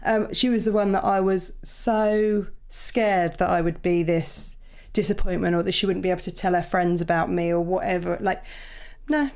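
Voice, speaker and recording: A woman hosting a casual interview, encouraging and quick to laugh. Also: on the low side, steady tone, darkish tone. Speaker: host. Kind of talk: casual chat.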